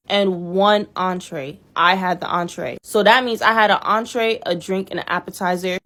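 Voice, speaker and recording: A woman's voice: mid-range voice, fairly bright tone. Profane, exasperated young woman telling stories. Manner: blunt, profane, exasperated storytelling. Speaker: storyteller. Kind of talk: casual storytime vlog.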